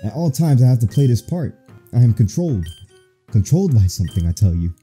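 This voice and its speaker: A man's voice: mid-range voice, big pitch swings, a little fast, dark tone, soft background music, natural voice. A man reading out the lines of an older male professor figure from a game, who speaks ominously about being controlled. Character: Professor Oak, older male scientist, gone strange and ominous.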